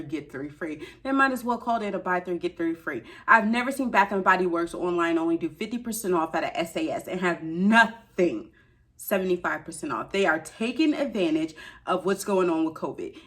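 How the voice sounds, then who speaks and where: A woman's voice: medium pitch, fairly bright tone. A woman, ranting in a casual vlog and talking straight to her viewers with slangy asides. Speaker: beauty shopping vlogger.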